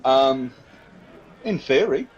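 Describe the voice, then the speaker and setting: A man's voice: mid-range voice, lively intonation, slow, highs cut off, some chatter behind, a little hiss or hum. A man narrating a tabletop game as game master, in a casual rambling way.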